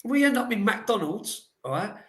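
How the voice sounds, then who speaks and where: A man on a podcast as a guest, telling animated, rambling anecdotes in casual chat with lots of "like". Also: sits high, normal speed, reverberant. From England.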